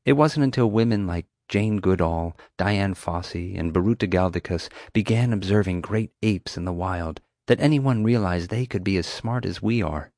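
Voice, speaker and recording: A man's voice: low-pitched, normal speed, hardly any pauses, a little mellow, no room sound, studio quality. A man reading an audiobook, voicing a knowing mother who explains things patiently. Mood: explaining. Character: sharp, knowing mother, a woman. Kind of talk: audiobook character voice.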